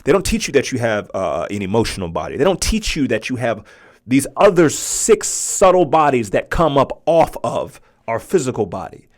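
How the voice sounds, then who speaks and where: A man in his forties talks through a personal story on his podcast at an ordinary mid pitch. He keeps it conversational and keeps checking in with the listener with a quick "right?". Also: very animated. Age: 40s. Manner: conversational, often asks "right?". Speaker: podcast host.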